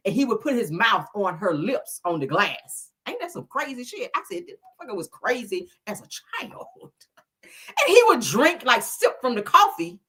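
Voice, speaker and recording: A middle-aged woman hosting a casual chat show, telling stories in an animated, profane way. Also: on the high side, moderate pace, breathy edge. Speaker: host.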